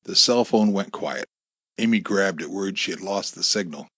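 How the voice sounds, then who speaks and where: A man's voice: low voice, a bit bright, slightly rough, dry recording, studio quality. Male narrator reading a suspense novel. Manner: measured storytelling with dramatic voices. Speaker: audiobook narrator. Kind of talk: scripted narration.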